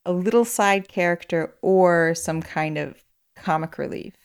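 A woman with a somewhat low voice co-hosts a chatty podcast. She explains her views in a measured way and builds them step by step. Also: clear, resonant tone. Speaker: podcast co-host. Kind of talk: casual chat.

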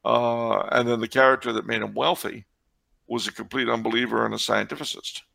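A man's voice: medium pitch, steady tone, brisk, gravelly, sharp tone. A man answering questions on church history in casual discussion, with wry, digressive, sardonic asides.

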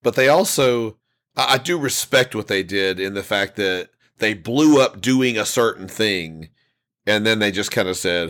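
A man with a lowish voice hosts a casual podcast chat. He rambles through his anecdotes, stopping and restarting sentences as he goes. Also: expressive, a little slow, a bit bright. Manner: rambling storyteller with many restarts and fillers. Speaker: podcast host.

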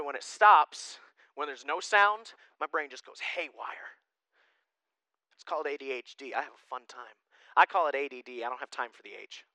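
A male pastor preaching a sermon in a casual, animated way, swinging from loud emphasis to hushed asides. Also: on the high side, no room sound, poor audio.

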